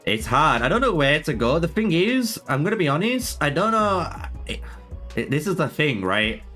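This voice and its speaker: A man's voice: a little high, very animated, moderate pace, pushed and bright, faint music behind. A man streaming a game live, chatting casually with viewers, swearing a lot, laughing often and calling them bro. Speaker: gaming streamer.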